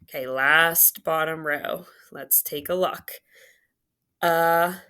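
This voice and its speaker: A woman's voice: low-pitched, steady tone, sharp tone, clean tone. A woman teaching a phonics lesson, patiently sounding out and drawing out words and syllables. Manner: slow, patient, drawn-out enunciation of sounds.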